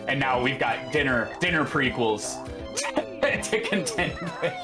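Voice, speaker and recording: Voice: mid-range voice, animated, takes it slowly. A co-host chatting casually during a game playthrough, laid-back and jokey, often trailing off mid-thought. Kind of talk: casual chat over gameplay. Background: game music.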